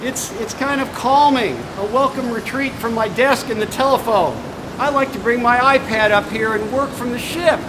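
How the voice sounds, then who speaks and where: Man, very high voice, wry and relaxed, loud rumbling noise behind. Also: normal speed. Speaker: trial lawyer in a comedy sketch.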